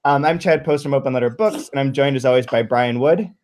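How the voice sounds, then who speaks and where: A man at a middle pitch hosts a book podcast with an easy, casual manner. He rambles through restarts and laughs often as he talks. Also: quick pace, a little mellow, slight background noise. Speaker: podcast host. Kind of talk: casual chat.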